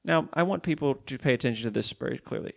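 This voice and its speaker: A man delivers a sermon, working through Bible verses one after another. His voice has a gravelly edge, and his pitch sits in an ordinary middle range. He slows down to read each passage and then explains it with firm emphasis. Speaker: preacher. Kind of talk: sermon reading and explaining scripture.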